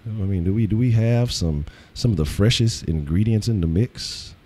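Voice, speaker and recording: Hoarse deep-voiced man. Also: normal speed, a little mellow. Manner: loose, profane, stammering restarts. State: hoarse, lost his voice. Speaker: host. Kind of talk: casual live-stream sports talk.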